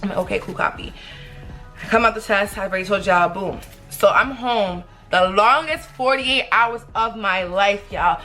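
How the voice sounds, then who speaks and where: A young woman telling viewers a story in a casual, animated vlog, talking straight to them. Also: mid-range voice, moderate pace, hardly any pauses, faint music behind. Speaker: vlogger.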